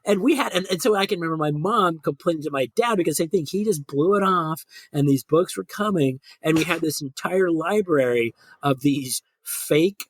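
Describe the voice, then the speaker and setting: A man's voice: fairly high pitch, normal speed, few pauses, dry recording. Rambling middle-aged man, dry sound. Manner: rambling, full of fillers. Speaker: podcast co-host. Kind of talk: casual chat.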